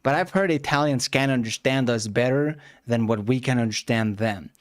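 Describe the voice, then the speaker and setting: Man, native Spanish speaker, reaction streamer, casual rambling chat, medium pitch, dry close sound. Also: moderate pace, no echo. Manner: loose, filler-heavy, chats with viewers.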